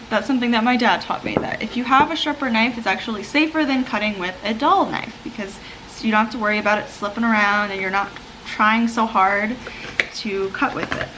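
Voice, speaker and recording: A woman's voice: fairly high pitch, noisy background. A young woman talking casually while cooking at home, chatty and self-mocking, laughing often at her own mistakes. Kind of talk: casual cooking vlog chat. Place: home kitchen with frying pan. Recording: home kitchen with clear cooking sizzle. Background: sizzling and stirring from the pan.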